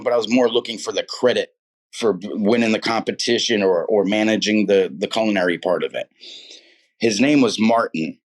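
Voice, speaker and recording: A middle-aged man telling his own life story in casual, earnest, rambling speech, full of "dude" and "man". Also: on the low side. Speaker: guest telling his testimony. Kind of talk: casual personal testimony.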